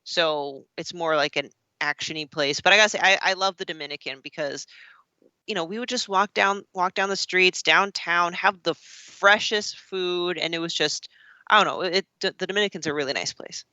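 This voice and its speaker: Bright-voiced woman chatting on a podcast, kinda lo-fi and dry. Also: fairly low pitch, normal speed, no room sound. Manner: chatty, with hesitations. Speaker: podcast co-host. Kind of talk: casual chat. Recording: dry, slightly dull lo-fi audio.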